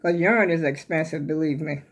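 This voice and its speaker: Her voice is low-pitched and moderately paced as this older woman chats to camera about her crochet. She rambles along casually and folksily for her viewers at home, a bit out of breath.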